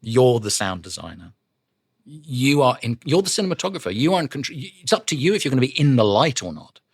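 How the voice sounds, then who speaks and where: A middle-aged man from London with an English accent, a guest actor in a studio interview, telling lively anecdotes and swearing freely. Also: medium pitch, brisk, breathy edge, dry recording. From London, England. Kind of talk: casual interview chat.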